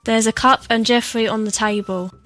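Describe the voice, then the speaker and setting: A woman's voice: fairly high pitch, steady tone, moderate pace, fairly bright tone, faint music behind. Woman reading example sentences. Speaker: example sentence reader in a lesson. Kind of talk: scripted example lines.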